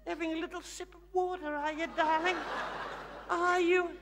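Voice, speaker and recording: A very high, fluting older Australian lady, performed by a man, who preens as a glamorous megastar and coos teasing endearments at the crowd. She plays it big and theatrical in a live stage comedy monologue. Her voice rings through a large theatre with long reverb and audible audience noise. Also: flat delivery, moderate pace. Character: flamboyant older Australian woman, glamorous self-proclaimed megastar.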